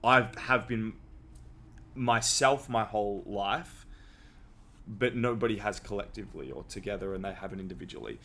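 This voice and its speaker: A man's voice: lowish voice, moderate pace, a bit bright. A young man who hosts a podcast. He tells a personal story in a candid, casual way and swears freely. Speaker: podcast host.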